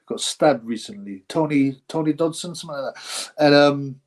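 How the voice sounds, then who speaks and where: A man's voice: on the high side, normal speed. A middle-aged man, hosting a casual live stream, reading viewer comments aloud, rambling and laughing often. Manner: rambling, laughs often, breaks into mock announcer voices.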